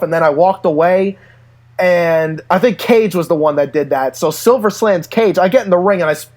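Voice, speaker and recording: Male co-host with a high voice, an animated storyteller who laughs often. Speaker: podcast co-host. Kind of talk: casual chat.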